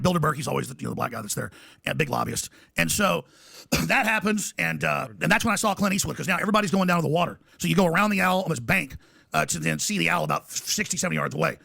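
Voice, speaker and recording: A man with a very gravelly, bright, husky voice races through a breathless story. He rambles and acts out the voices of other people. The sound is close and dry. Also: a little high, no room sound. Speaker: radio talk host telling a story. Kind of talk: fast excited storytelling.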